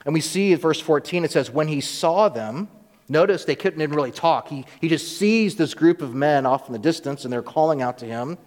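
A man's voice: fairly high pitch, fairly quick, a little mellow. Guy preaching, chatty, lots of echo, reverby hall sound. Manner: conversational, acts out voices of biblical figures. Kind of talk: sermon.

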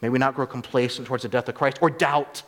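A man's voice: medium pitch, fairly even intonation, fast talker, big-room sound. A man preaching a sermon as pastor, earnest and emphatic, often rising sharply on rhetorical questions.

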